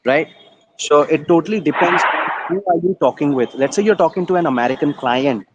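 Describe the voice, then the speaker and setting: Over a video call, an English tutor with an Indian English accent runs an online practice session, patiently drilling words syllable by syllable and slipping in Hindi phrases. His voice sits on the high side and moves a little fast. The audio is dull and very noisy.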